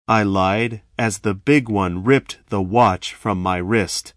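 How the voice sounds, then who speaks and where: Slow, measured male storyteller. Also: on the low side, no echo, clean studio sound. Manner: slow, measured, dramatic delivery. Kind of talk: first-person story reading.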